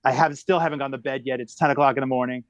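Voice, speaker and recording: Racing along in a medium-pitched voice, a middle-aged guest comedian tells a long personal story on a podcast in a dry recording. He stays animated, changing his pace frequently as the story unfolds.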